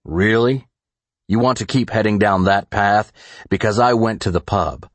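A gruff small-town sheriff, played by a male narrator, with a very deep, gravelly growl. He speaks slowly and threateningly, like a lawman who expects to be obeyed. The audiobook recording is dry and close. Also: dry recording, lightly acted. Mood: interrogating.

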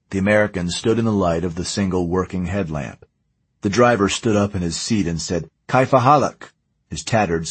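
A man reading a story aloud in a measured, steady way. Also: low-pitched, breathy edge, dry recording. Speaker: audiobook narrator. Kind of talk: scripted narration.

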